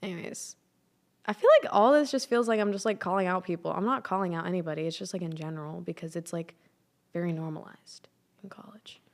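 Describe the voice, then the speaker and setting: A teenage girl co-hosting a casual chat podcast, chatty and trailing off into soft asides. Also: fairly low pitch, a little fast. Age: teens. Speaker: podcast co-host.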